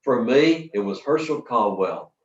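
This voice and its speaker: An older man leading a storytelling workshop, talking to a live audience in a folksy, lively way with dramatic pauses. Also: mid-range voice. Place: workshop hall. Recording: roomy, distant, dull sound from the back of a hall.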